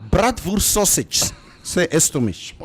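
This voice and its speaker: A man in his fifties co-hosts a radio show from the studio. His slightly high voice swings widely in pitch, and he talks at an unhurried pace. He laughs often and mixes English with Afrikaans. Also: sing-song, breathy edge. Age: over 50. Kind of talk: casual studio banter, reading listener comments.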